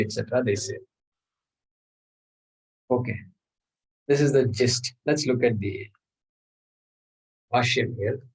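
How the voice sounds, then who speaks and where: Husky man teaching scripture. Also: medium pitch, low-quality recording. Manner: explains Sanskrit terms slowly, checks with "okay?". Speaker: Vedanta teacher. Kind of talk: scripture class lecture.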